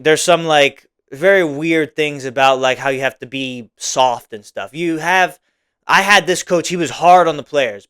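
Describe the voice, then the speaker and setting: A man's voice: on the high side, fairly bright tone, clear, resonant tone. A young man hosting a solo podcast, talking casually and rambling, with many "like"s and "right?"s. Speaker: podcast host.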